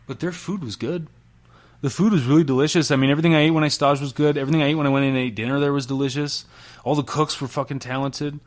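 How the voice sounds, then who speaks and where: A man's voice: fairly high pitch, fast. Laid-back man telling chef stories. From Salt Lake City, Utah. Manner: relaxed storytelling, many fillers, laughs and swears. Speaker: chef, podcast guest. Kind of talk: casual interview chat.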